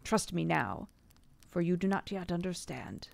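A woman's voice: fairly low pitch, animated, unhurried, gravelly, no echo, heavily acted. A woman voicing a grave, kindly old male professor in a read-aloud storybook.

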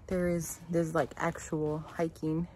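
A young woman with a low, warm voice talks at an unhurried pace with little change in pitch. She's a vlogger filming her honeymoon hike along a nature trail by a creek, chatting casually and easily narrating what she sees.

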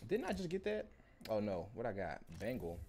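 Animated young streamer with lively pitch. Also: male voice, normal speed, slight background noise. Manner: animated, swearing, slangy trash talk. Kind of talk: live-stream pack opening commentary.

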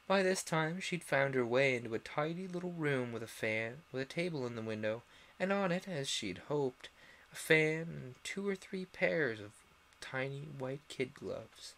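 A young man reading a classic storybook aloud on a stream, expressive and acting out the characters. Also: mid-range voice, moderate pace.

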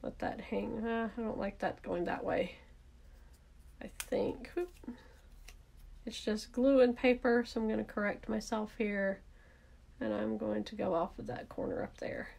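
A woman with a Southern accent walks viewers through making a handmade card in a relaxed, chatty way. She narrates each step as she works, pausing to fix things and correct herself. Her mid-pitched voice has a slightly gravelly texture. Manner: chatty, thinks aloud while working, self-correcting. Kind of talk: casual craft demonstration.

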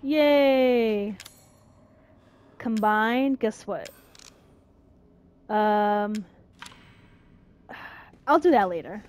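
A young woman giving profane, jumpy let's-play commentary, yelling and cursing when scared. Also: medium pitch, lively intonation, very slow, long pauses, clear, resonant tone. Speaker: gaming streamer. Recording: faint game music behind.

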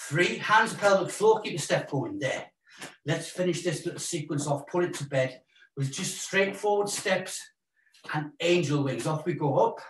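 A Welsh man coaches a live exercise class with cheerful, joking encouragement, counting steps and calling out breaths. His voice sits fairly high for a man. The sound is roomy and picked up from a distance. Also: a bit bright, a little hiss or hum. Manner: upbeat, encouraging, jokey, counting out moves. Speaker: fitness instructor. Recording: roomy echo, mic at a distance.

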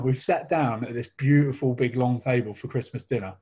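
A man's voice: mid-range voice, steady tone, a little fast, warm tone, slightly rough. A man telling a long comic anecdote, rambling and laughing as he goes. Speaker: guest storyteller.

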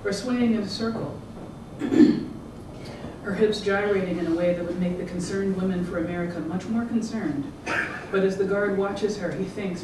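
An author giving a measured, rhythmic public reading of their own fiction. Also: medium pitch, fairly even intonation. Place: event room. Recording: echoey room, distant mic, background noise.

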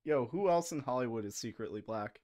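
Man, comedy stream host, playful, exasperated, mid pitch, dry sound. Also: lively intonation, a little fast, mellow, no room sound. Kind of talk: live-streamed comedy talk show.

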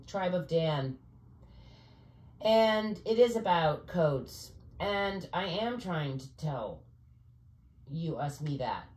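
A woman vlogger with a lowish voice and darkish tone talks to camera, her sound echoing around the room. Her rambling, digressive monologue is laced with searching for words, "you know" fillers and conspiratorial asides.

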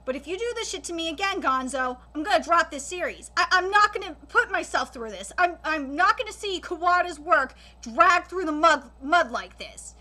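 A woman hosting a live anime reaction, critiquing emphatically with frequent swearing and halting restarts. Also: extremely high pitch, expressive, pushed and bright. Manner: exasperated and emphatic.

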